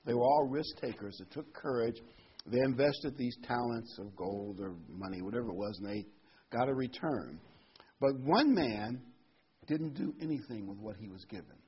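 A man's voice: mid-range voice, expressive, normal speed, breathy edge. A man preaching a conversational sermon, reading scripture and adding casual asides. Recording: dull lo-fi recording.

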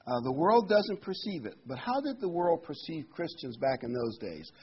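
Husky-voiced man preaching a Bible sermon. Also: fairly high pitch, very animated, normal speed, highs cut off. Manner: conversational, emphatic, rises on key words.

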